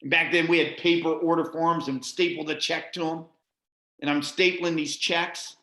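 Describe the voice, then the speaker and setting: A man's voice: fairly high pitch, fairly even intonation, normal speed, pushed and bright. A middle-aged man giving a folksy, motivational sales-training talk, often checking in with his listeners. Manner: folksy, repeats "right?" often. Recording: echoey room.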